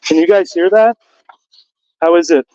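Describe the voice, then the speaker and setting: A man's voice: high voice, normal speed, dark tone, no room sound, highs cut off. A man on a ghost hunt under a bridge, coaxing spirits with repeated questions. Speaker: ghost hunter. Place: outdoors under a bridge with traffic overhead.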